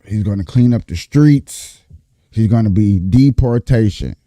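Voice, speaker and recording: A man's voice: lowish voice, expressive, a little slow, warm tone, no room sound. A man talking in a profane, emphatic casual monologue, repeating his points in heavy slang. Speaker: streamer and political commentator.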